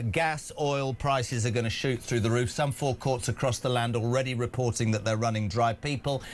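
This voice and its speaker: Indignant male radio host. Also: slight background noise. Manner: emphatic, indignant, lively pitch swings. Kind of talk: opinionated radio talk.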